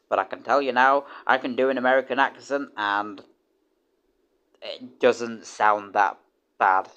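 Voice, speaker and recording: A man's voice: medium pitch, a bit bright, clean tone. A young British man streaming, chatting casually and rambling with many restarts and casual swearing. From United Kingdom. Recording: dull lo-fi stream audio.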